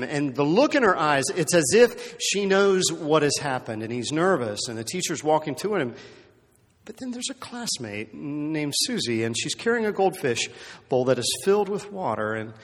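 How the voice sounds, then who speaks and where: A man's voice: fairly high pitch, big pitch swings, normal speed. A man preaching a sermon in a conversational storytelling way, often checking in with the listeners and repeating words as he goes. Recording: long hall reverb.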